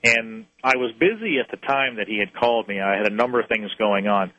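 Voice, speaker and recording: A UFO experience researcher with a lowish, bright, forceful voice earnestly recounts one of his cases during an interview, frequently restarting his phrases. The recording is rough and has no room sound.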